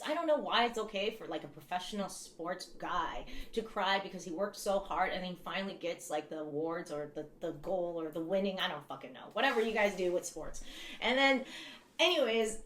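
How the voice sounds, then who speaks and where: A woman's voice: mid-range voice, a bit bright, roomy sound, a little hiss or hum. A woman in her thirties hosting a casual livestream chat. She rambles, swears freely and laughs often. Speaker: livestream host.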